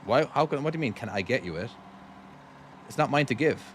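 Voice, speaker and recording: A man's voice: mid-range voice, lively intonation, fairly quick, a little hiss or hum. Cork Irish man chatting on a live stream. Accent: Cork Irish, softened by years in America. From Ireland. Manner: chatty, thanks viewers, talks to himself while driving. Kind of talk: casual live-stream chat while playing.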